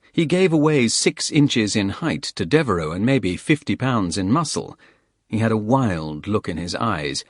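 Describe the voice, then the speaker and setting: A man narrating a thriller audiobook in a steady, plain storytelling manner. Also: fairly low pitch, no room sound, clean studio sound.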